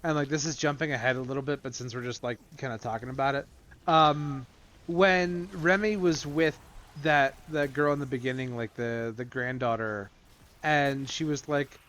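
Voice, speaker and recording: A man co-hosting a casual comic book podcast, retelling scenes with animated put-on voices. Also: mid-range voice, normal speed. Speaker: podcast co-host.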